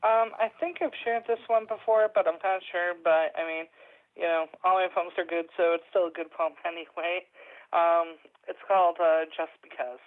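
A man phones in to a show and talks casually, hesitating often with fillers. His voice is a bit higher than most. The sound is tinny and narrow, like a phone line. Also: steady tone, moderate pace. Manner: hesitant, many ums. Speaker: caller. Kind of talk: casual chat on a phone call.

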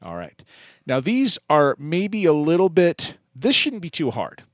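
Lively, animated male radio host. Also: fairly high pitch, measured pace, no room sound, studio quality. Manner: animated, jokey, laughs often. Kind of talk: casual on-air chat.

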